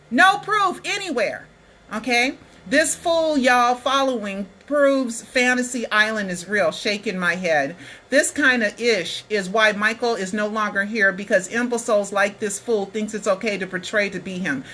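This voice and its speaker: A woman's voice: fairly high pitch, bright, forceful tone, low-quality recording. A woman vlogger delivering a ranting commentary to her viewers, emphatic and colloquial, often checking in with "Okay?". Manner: emphatic, repeatedly asking "Okay?"; colloquial, addresses viewers as "y'all".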